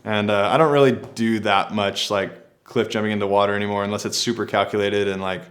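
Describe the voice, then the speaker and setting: A man's voice: fairly low pitch, fairly even intonation, a little fast, slight background noise. A man telling a personal adventure story to camera in a laid-back, rambling way, often saying "like".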